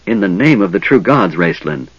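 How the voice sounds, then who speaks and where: A man's voice: low-pitched, big pitch swings, normal speed, husky, no echo, highs cut off, heavily acted. A man voicing a troubled half-elf man who speaks in stunned, questioning tones. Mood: uneasy.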